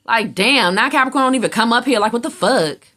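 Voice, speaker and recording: A woman's voice: on the high side, lively intonation, fairly quick, pushed and bright. A woman giving a casual tarot reading in a blunt, emphatic way, swearing freely and acting out how other people react. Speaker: tarot reader.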